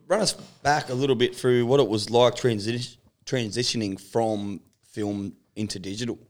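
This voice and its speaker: A man's voice: mid-range voice, fairly even intonation, normal speed. A man hosting a casual podcast interview, prompting his guest with easygoing questions.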